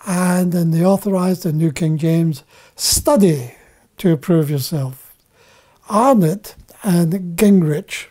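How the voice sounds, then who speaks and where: A man preaching a Bible teaching sermon, deliberate and repeating key phrases for emphasis. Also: sits high, dark tone.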